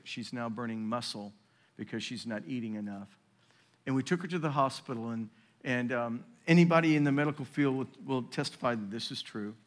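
A man in his fifties preaching a sermon in a church, swinging between loud emphatic peaks and hushed, low storytelling. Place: church sanctuary.

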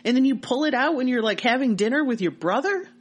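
A woman co-hosting a podcast, telling childhood memories in casual, animated chat. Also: high-pitched, fast, husky. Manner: animated storytelling with laughter. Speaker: podcast co-host.

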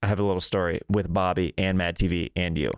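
A man's voice: steady tone, fast, smooth, no echo, clean studio sound. A man hosting a casual chat, telling stories and acting out the quotes. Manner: storytelling, acts out quotes in a high voice.

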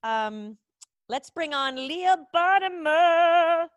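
A woman hosting a casual video-call chat show, upbeat and chatty with quick asides. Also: very high-pitched, expressive, dry recording, dull audio. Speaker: talk show host.

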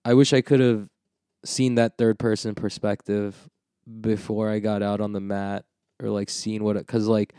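A man's voice: lowish voice, normal speed, smooth, dry recording. Joking podcast guy, dry close sound. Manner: jokey, animated, slips into mock voices. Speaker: podcast co-host. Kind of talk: casual banter.

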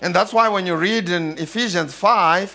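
A man's voice: sits high, normal speed, pushed and bright. A man preaching a sermon, calling out questions for the congregation to answer and laughing often. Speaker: pastor.

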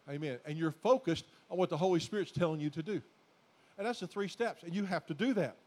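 High-voiced preaching man. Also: fast talker. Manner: exhorting, repetitive, builds to loud emphatic declarations; folksy, addresses the congregation as folks. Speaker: pastor. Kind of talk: sermon.

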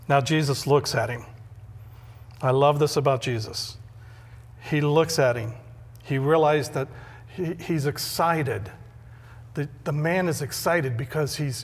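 A man's voice: a little high, big-room sound. A middle-aged male pastor preaching a sermon in a conversational way, often repeating words when he stresses a point.

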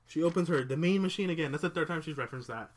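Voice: medium pitch, racing. A podcast co-host chatting casually about a book, playful and teasing, summarizing the plot. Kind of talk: casual book-discussion chat.

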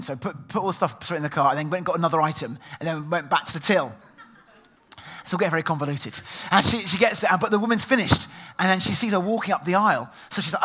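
Speaking quickly in a slightly high, pushed and bright voice, a middle-aged preacher relates stories during his sermon. He imitates the people he quotes as he goes.

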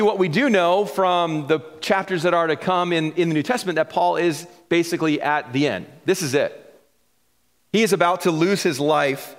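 High-voiced pastor preaching in a hall. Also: male voice. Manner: conversational preaching, drawls key phrases, chuckles. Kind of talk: sermon.

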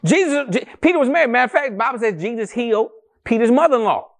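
A male pastor preaching a sermon to a congregation in a church, animated and conversational, with rhetorical questions and calls to the congregation. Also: very high-pitched, fast. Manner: addresses the congregation as family, calls for responses.

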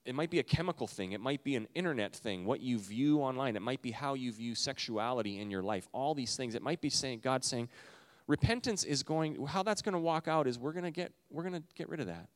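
A man's voice: medium pitch, lively intonation, brisk, long reverb tail. A man preaching a sermon as a pastor, in an earnest, conversational way full of rhetorical questions.

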